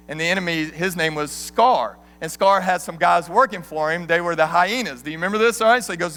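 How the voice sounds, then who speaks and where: Fun storytelling preacher guy, high bright voice, long church hall echo. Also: a little fast, few pauses. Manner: animated, joking storyteller. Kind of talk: sermon.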